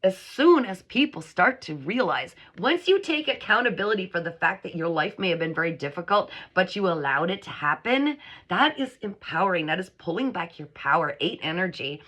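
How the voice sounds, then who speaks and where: A middle-aged woman giving a chatty, animated channeled psychic reading to her viewers, acting out whiny voices as she goes. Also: fairly low pitch, normal speed. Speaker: psychic reader. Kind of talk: channeled spiritual reading to camera.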